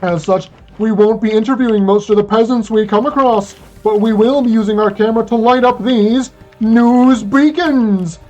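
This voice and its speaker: A speedrunner doing an old-timey news anchor voice, with a slow, grand, theatrical announcer delivery while commentating a game run. The anchor hosts the run like a newscast. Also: mid-range voice, a little mellow, dull audio, faint music behind, lightly acted. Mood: grandiose.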